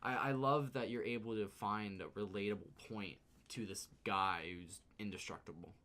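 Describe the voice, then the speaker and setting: A man's voice: lowish voice, fairly even intonation, normal speed, bright, forceful tone. Earnest man co-host, casual swearing. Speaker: podcast co-host. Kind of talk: casual chat.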